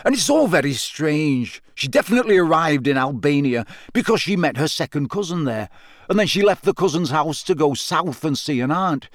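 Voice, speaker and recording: A man's voice: on the high side, no echo, clean studio sound, voice pushed up. A man doing a jovial, flustered wizard official. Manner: hesitant, hushed and confiding. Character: jovial, nervous middle-aged male wizard official.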